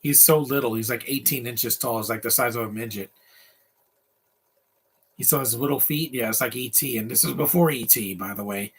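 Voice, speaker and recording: A man's voice: mid-range voice, normal speed, slightly rough. A man giving casual, opinionated live commentary while watching a movie, ranting freely.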